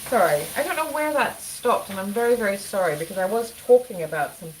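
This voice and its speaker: A woman's voice: mid-range voice, lively intonation, fast, darkish tone. Rambling woman on a noisy live stream. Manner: rambling, apologetic, self-interrupting. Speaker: livestream host. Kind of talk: casual live chat. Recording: clear cooking noise behind.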